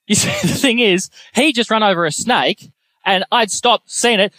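A young man preaching a sermon, telling self-deprecating personal stories in a lively way. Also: sits high, moderate pace, dry recording.

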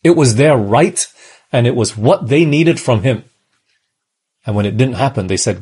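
A man who grew up in Australia preaches a sermon. His voice is very husky and rough, at an ordinary pitch for a man. He talks in a conversational way and keeps turning to the listeners with questions. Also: expressive, moderate pace, pauses often, darkish tone.

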